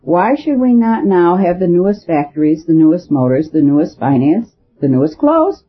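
A reader voicing an ambitious Italian male courier who speaks gravely and boastfully, heard as a husky voice through tinny phone-like audio. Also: mid-range voice, sing-song, moderate pace.

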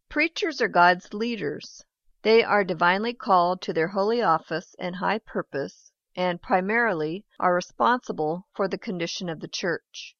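Solemn low-voiced woman reading devotional text. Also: a bit bright, no echo. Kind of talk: reading a devotional book aloud. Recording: dry, slightly dull recording.

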